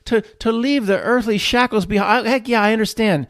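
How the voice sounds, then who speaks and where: A man voicing a bewildered young man's soul who pleads in a high, whiny voice. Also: normal speed, a bit bright, no room sound, clean studio sound.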